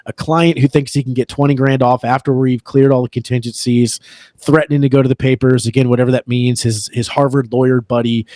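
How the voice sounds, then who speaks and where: A man telling a story as a podcast guest, animated and laughing often. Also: mid-range voice, no echo, clean studio sound. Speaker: real estate agent, podcast guest. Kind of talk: casual storytelling in a podcast chat.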